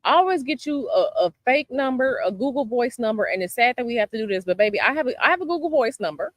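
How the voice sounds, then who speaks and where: A woman's voice: fairly high pitch, lively intonation, quick pace, fairly bright tone, dry recording. A woman from Chicago hosting a casual chat with her viewers outdoors, sassy and emphatic, repeating her advice. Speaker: tarot channel host. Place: outdoors by a palm tree, planes overhead.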